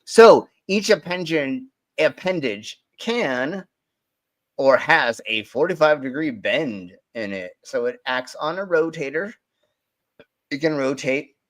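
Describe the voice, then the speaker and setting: A man's voice: on the high side, lively intonation, slow. Male streamer host, casual rambling news chat, crude jokes. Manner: rambling, joking, restarts often.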